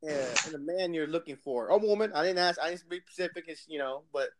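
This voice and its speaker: A man's voice: fairly high pitch, quick pace, background noise. A man co-hosting a podcast in casual chat, loose and slangy, often chuckling. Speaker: podcast co-host.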